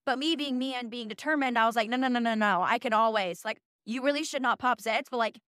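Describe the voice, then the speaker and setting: A woman in her early twenties, hosting a podcast, tells a story in a casual, animated, profane and self-mocking way. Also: fairly high pitch, fast talker, clear, resonant tone, no echo, clean studio sound. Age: early 20s. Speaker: podcast host.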